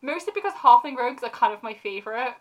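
A woman co-hosting a podcast in casual chat, animated and quick to act out silly voices. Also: fairly high pitch. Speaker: podcast co-host.

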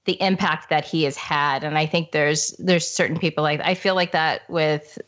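A woman in her forties hosting a casual interview, talking in a chatty, animated way. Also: sits low, moderate pace, lo-fi sound. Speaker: podcast host.

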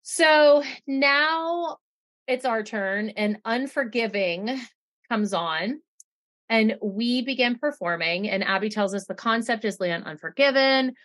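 A woman's voice: fairly high pitch, slow, a bit bright. A young adult woman co-hosting a podcast, chatting casually with blunt remarks, swearing and laughing often. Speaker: podcast co-host. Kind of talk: casual recap chat.

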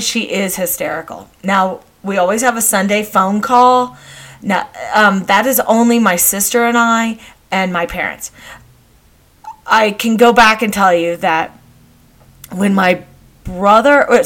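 A woman's voice: medium pitch, a bit bright. Chatty middle-aged woman telling stories. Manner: chatty, meandering, with frequent ums and restarts. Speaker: podcast host. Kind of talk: casual storytelling monologue.

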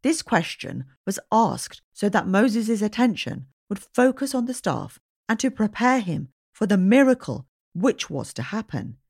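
Woman, religious audiobook narration, very slow, breathy, lively pitch. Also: no room sound, studio quality. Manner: slow, expressive, storytelling reading. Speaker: audiobook reader. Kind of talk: religious storybook reading.

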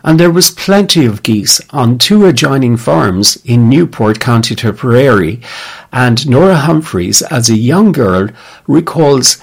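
A man narrating a documentary in a measured, scripted way, introducing each speaker. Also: medium pitch, expressive, creaky.

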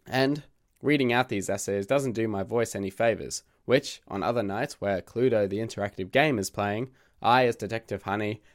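Still croaky from a recent illness, a male literature podcast host works through a scripted essay with jokey, wry remarks. His pitch is fairly low.

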